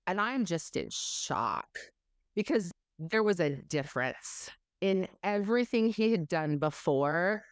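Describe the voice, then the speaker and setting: A woman's voice: medium pitch, animated, measured pace, dry recording, clean studio sound. A woman telling her own story in an interview, candid and emotional, swearing freely.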